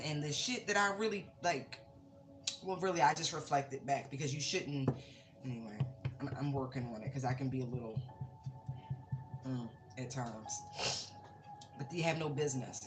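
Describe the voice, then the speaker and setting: A woman giving a casual tarot reading, talking bluntly and swearing freely. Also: low voice. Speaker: tarot reader. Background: music.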